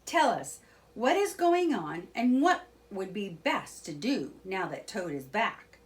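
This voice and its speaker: A woman's voice: medium pitch, big pitch swings, takes it slowly. A woman voicing a stern, sensible male water rat in a children's storybook, scolding his friend.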